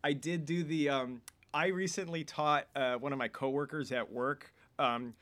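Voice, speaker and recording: A man's voice: fairly high pitch, fairly even intonation, normal speed, a bit bright. A man co-hosting a casual film podcast, telling rambling stories and interrupting himself. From United States. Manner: rambling, self-interrupting storyteller. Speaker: podcast co-host. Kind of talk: casual chat about films.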